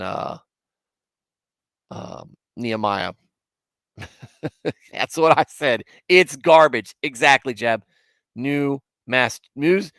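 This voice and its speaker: A man's voice: mid-range voice, fairly bright tone, smooth, no room sound. Rambling self-mocking male livestream host. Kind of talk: casual livestream chat.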